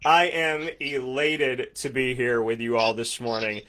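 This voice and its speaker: A man's voice: mid-range voice, little pitch movement, a little slow, hardly any pauses, sharp tone. A man in his thirties from upstate New York hosting a morning sports talk show, upbeat and effusive, repeating words for emphasis. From Syracuse, New York. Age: 30s. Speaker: sports radio host.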